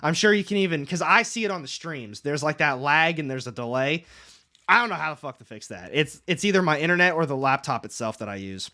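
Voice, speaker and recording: A man's voice: fairly high pitch, expressive, brisk, sharp tone. A young man hosting a casual comics livestream, rambling, reading chat aloud and swearing casually from his room at home.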